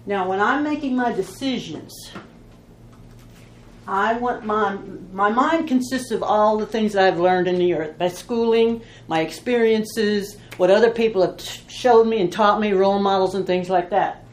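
A woman's voice: mid-range voice, moderate pace, reverberant, slight background noise. A woman teaching a Bible study in an informal, folksy way, telling stories and asking rhetorical questions.

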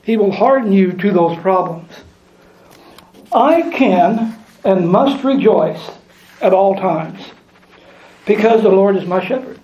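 A man's voice: high-pitched, takes it slowly, long pauses, mellow. A man preaching a sermon, reading scripture aloud and repeating lines for emphasis. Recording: echoey room, dull lo-fi sound.

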